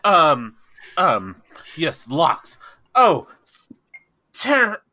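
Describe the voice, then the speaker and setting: Guy roleplaying, super slow, stammery, bright edgy tone. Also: fairly high pitch, sing-song. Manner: halting, stammering and dramatic. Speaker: tabletop game player. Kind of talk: in-character role-play.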